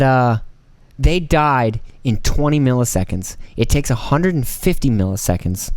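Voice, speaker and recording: A man's voice: mid-range voice, no echo. A man hosting a casual solo podcast, rambling and joking with plenty of profanity and playful mock voices. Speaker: podcast host.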